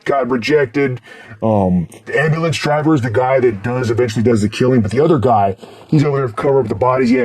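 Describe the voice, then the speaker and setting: A middle-aged man reviewing horror movies in a casual, rambling way, swearing constantly and breaking into loud laughs. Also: medium pitch. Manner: profane, rambling, bursts into loud laughs and shouts.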